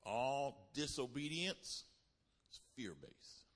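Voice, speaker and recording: A man preaching a sermon as pastor, swinging between loud exhortation and low, quiet passages. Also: sing-song, slow pace. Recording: long hall reverb.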